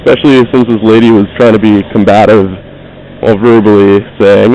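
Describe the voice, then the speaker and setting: A man's voice: fairly low pitch, fairly even intonation, brisk, darkish tone, poor audio. A man telling a casual, rambling, profane story while driving his car. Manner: rambling, profane, self-deprecating. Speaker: vlogger.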